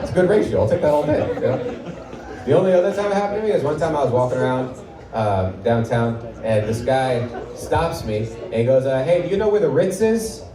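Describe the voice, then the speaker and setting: Thirties male stand-up, dry offhand delivery, mid pitch, recorded far off in a roomy club with loud audience laughter. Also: fairly quick, crowd noise. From Portland, Oregon, US. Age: 30s. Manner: wry, offhand, self-deprecating delivery. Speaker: stand-up comedian. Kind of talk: live stand-up comedy set. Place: comedy club stage with live audience.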